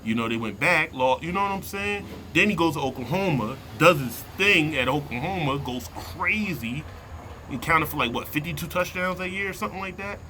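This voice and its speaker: A man vlogging a heated sports opinion rant from inside a vehicle, slangy and worked up, repeating himself and sinking into low mutters. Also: animated, brisk, bright, forceful tone, slight background noise.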